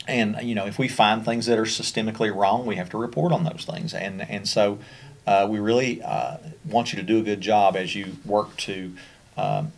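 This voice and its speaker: With a fairly low voice and a Kentucky accent, a man walks through a special education training on slides. He talks conversationally, often using fillers and starting over.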